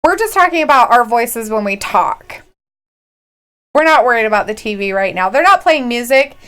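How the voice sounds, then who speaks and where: Giggly woman with a smooth, high voice. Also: lively intonation, moderate pace, fairly bright tone. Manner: giggly, reads out chat comments. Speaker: stream co-host. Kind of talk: casual chat and wrestling watch-along.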